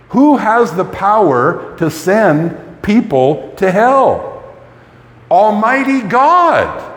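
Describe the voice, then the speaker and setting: A man delivers a sermon slowly and emphatically, restarting sentences on repeated words. His voice sits high and rises and falls a lot. The reverb of a church hall trails after each phrase. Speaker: preacher.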